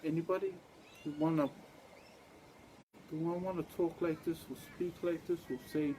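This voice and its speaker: Man, rambling monologue, repetitive, dark mellow tone, slightly high pitch. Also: fairly even intonation, moderate pace, pauses often, a little hiss or hum, rough recording. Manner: rambling and repetitive, spells words out letter by letter.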